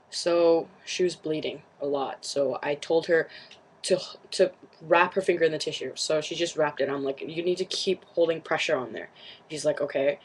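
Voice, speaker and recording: A woman's voice: low voice, breathy edge, low-quality recording. A young woman vlogger whose first language is Cantonese, retelling something to camera in casual chat, rambling and shaken, with many fillers and restarts.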